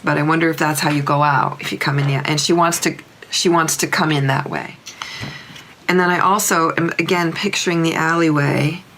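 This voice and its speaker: Casting: a woman with a low, gravelly voice, rambling and earnest, recounting a session. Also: a bit bright. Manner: rambling, earnest, often restarts sentences. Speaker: animal communicator.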